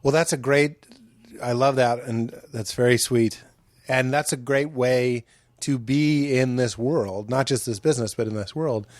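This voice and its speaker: A man's voice: mid-range voice, a little slow, no room sound, studio quality. A man, a comedian guest on a podcast, talking in a thoughtful, earnest way. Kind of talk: casual chat.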